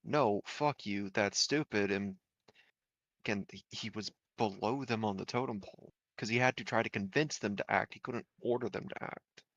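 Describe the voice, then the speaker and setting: A man's voice: fairly low pitch, fairly even intonation, normal speed, fairly bright tone, no echo, lo-fi sound. A man commenting in casual chat with his co-hosts, sardonic and blunt, with plenty of swearing. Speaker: co-host.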